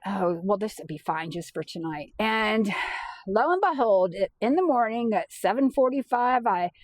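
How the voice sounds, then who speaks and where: A woman's voice: mid-range voice, dry recording. Chatty woman telling a vanlife story. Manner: chatty, rambling, self-deprecating. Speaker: vanlife vlogger. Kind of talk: casual first-person storytelling.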